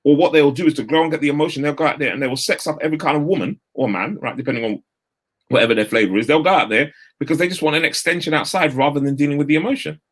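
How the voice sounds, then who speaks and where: A man, giving an energetic, straight-talking motivational talk over a video call. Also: on the high side, rapid-fire. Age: 50s. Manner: energetic, straight-talking, uses London street slang. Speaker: guest speaker.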